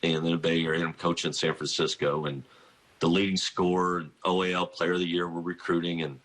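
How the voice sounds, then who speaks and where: Guest spot: middle-aged coach, deep husky voice, rambling storyteller who keeps restarting. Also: male voice, flat delivery, fairly quick, a bit bright. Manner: rambling, self-interrupting, laughs through anecdotes. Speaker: college basketball coach, guest. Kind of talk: phone-in radio interview, storytelling.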